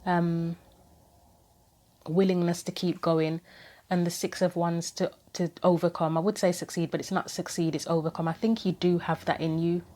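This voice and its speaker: A woman giving a casual tarot reading to camera, thinking aloud with frequent pauses, earnest and gently sympathetic. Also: fairly low pitch, level tone. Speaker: tarot reader.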